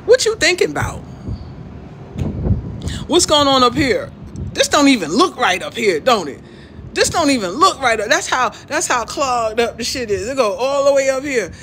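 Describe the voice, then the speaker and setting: Woman livestream host, high and swooping, loud joking sermonizer, street traffic noise behind. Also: big pitch swings, moderate pace, low-quality recording. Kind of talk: casual livestream chat. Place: outdoors in the sun.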